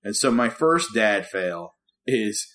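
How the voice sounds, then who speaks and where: A man's voice: lowish voice, slow pace. A man in his thirties co-hosting a podcast, telling a parenting story in casual chat and acting out the people in it. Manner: animated, laughing storyteller who acts out quotes. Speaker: podcast co-host.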